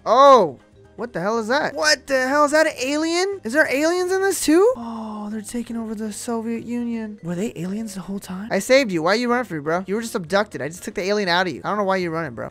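A man hosting casual gameplay commentary, joking and excitable, with sudden yelps and slangy banter. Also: high voice. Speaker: gaming video host.

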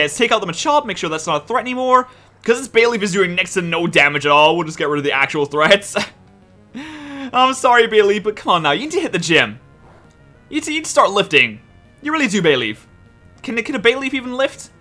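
A high-voiced man talks over his gameplay in a bright, tense tone, and his pitch swings widely. He is excitable and exasperated and swears freely. Faint music plays behind him. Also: fairly quick. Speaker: let's play host. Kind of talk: gameplay commentary.

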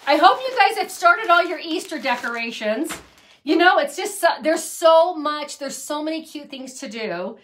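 A woman's voice: high voice, sing-song, moderate pace, fairly bright tone. A middle-aged woman hosting a casual craft tutorial, chatty and gushing over her handmade pieces. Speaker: craft channel host.

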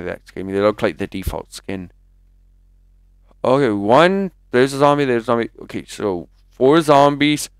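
A smooth, mid-range male voice comes through a dry recording. This gaming commentator rambles chattily through live let's-play commentary as he plays a video game, prone to jumpy exclamations.

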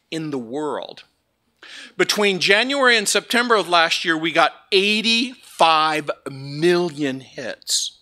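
A man preaching from the pulpit in a bright, forceful voice, pitched a little high. He mixes playful stories with scripture, and the sound carries in a church sanctuary. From Southern California. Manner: joking, lively storytelling. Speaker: pastor. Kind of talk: sermon.

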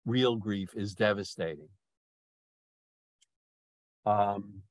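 Man leading a poetry group, unhurried, repeats himself as he thinks; dry close sound. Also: medium pitch, dry recording. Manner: slow, restarting often, lingering over words. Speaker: poetry discussion leader. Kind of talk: thoughtful discussion, halting.

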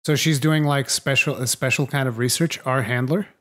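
A man's voice: mid-range voice, fairly even intonation, moderate pace, a bit bright. A man hosting a podcast, chatting casually and animatedly, often laughing and acting out lines. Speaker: podcast host.

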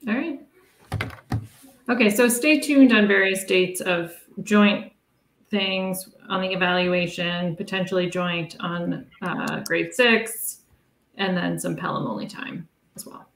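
A woman chairing a committee meeting over a video call, briskly reading out figures and running procedure. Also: lowish voice, a little hiss or hum. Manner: brisk, reads figures in a steady list. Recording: echoey room.

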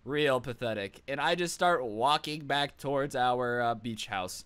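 A man's voice: mid-range voice, lively intonation, unhurried, fairly bright tone, smooth. A man telling a funny personal story to his vlog audience, sarcastic and mocking, rambling from one joke to the next. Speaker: storytime vlogger. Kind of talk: comedic storytime monologue.

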